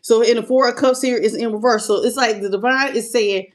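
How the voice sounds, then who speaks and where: A woman's voice: fairly high pitch, brisk. A woman giving a live tarot reading, talking bluntly and sassily and calling her viewers baby and honey. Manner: greets live chat viewers by name. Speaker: tarot reader.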